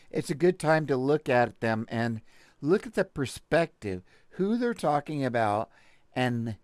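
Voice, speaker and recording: A man's voice: mid-range voice, dry recording, studio quality. A man from Texas with a Texan accent, hosting a show and reading a news article aloud, with sarcastic asides and stumbling restarts. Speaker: podcast host.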